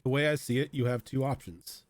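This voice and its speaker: A man narrating as game master of a tabletop role-playing game, in a relaxed, descriptive way. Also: medium pitch, brisk, no echo.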